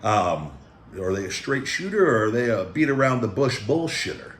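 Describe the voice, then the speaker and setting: A man's voice: mid-range voice, very animated, moderate pace, fairly bright tone, roomy sound, slight background noise. A man hosting a food review vlog at home, talking in a rambling, laid-back way and calling himself the big guy. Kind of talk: casual chat. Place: home room with pet dogs.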